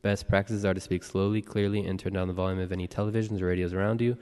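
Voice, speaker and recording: Male clerk rattling off roll call, kinda lowish voice, big echoey hall. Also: flat delivery, a little mellow, smooth. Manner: brisk and procedural. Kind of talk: reading roll call and announcements. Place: city hall chamber. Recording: long reverb of a hall.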